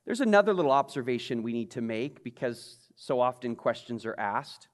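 A man's voice: mid-range voice, big pitch swings, normal speed. Man preaching in a reverberant hall. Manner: conversational, asks the congregation questions. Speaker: pastor. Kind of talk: sermon.

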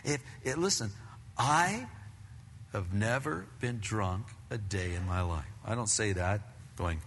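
A man's voice: on the low side, animated, unhurried, a bit bright, slight background noise. An older man preaching a conversational sermon as pastor, telling stories with casual slang asides. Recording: long reverb of a large hall.

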